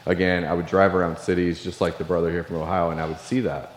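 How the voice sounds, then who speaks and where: A man's voice: low voice, little pitch movement, fast talker. A middle-aged man from Illinois, a Navy veteran giving a keynote speech and telling a personal story in an earnest, confessional way. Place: large hall. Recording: echoey hall with long reverb.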